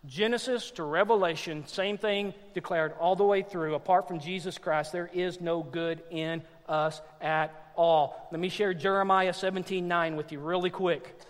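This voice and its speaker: A man preaches to his congregation with strong emphasis, his voice pitched high for a man. A long reverb trails each phrase, as from a church sanctuary. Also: fairly even intonation, moderate pace, hardly any pauses. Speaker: pastor. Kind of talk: sermon.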